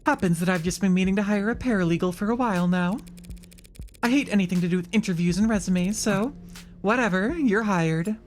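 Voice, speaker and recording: A woman voicing a cynical, sharp-tongued woman lawyer with a dark streak in a live visual novel reading, dry and self-assured. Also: mid-range voice, brisk, close to an everyday voice. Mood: teasing.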